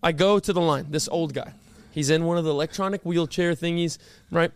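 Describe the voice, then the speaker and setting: A young man co-hosting a podcast, telling animated stories in a casual chat and swearing freely. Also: fairly high pitch, fairly quick, smooth. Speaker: podcast co-host. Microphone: podcast studio mic.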